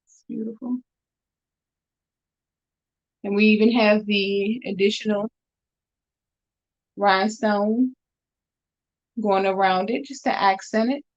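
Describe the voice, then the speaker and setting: Speaking slowly with long pauses, this woman keeps her medium-pitched voice steady while chatting up her handmade bracelets to live-stream viewers. Her casual, upbeat sales talk comes from a room in her home, captured in dull, lo-fi stream audio.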